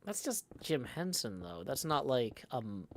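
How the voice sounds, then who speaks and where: Male streamer host, live-stream chat, mid-pitched, rambling and playful, musing out loud between viewer messages. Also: very animated, a little slow, a little hiss or hum. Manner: playful, rambling, thinks aloud; reads viewer messages aloud.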